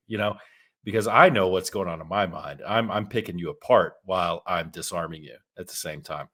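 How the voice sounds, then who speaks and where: Deep-voiced Texan man, folksy. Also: a little fast, bright, forceful tone. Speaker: podcast co-host. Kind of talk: casual podcast conversation.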